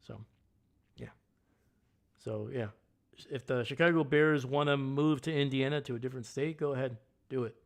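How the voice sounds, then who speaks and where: A man's voice: medium pitch, moderate pace, gravelly, pauses often. A man hosting a casual live stream, ranting bluntly and heatedly about sports. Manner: greets chat viewers loudly. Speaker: livestream host.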